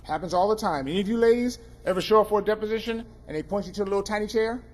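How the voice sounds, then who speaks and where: A male attorney telling a humorous story to an audience, with joking, animated asides. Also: high-pitched, racing. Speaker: attorney and speaker.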